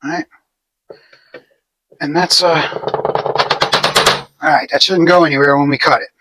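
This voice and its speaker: This DIY video host speaks a little slowly in a fairly high, steady voice, and the recording is very noisy. In his home garage he talks through his work in a casual, rambling, self-deprecating how-to narration.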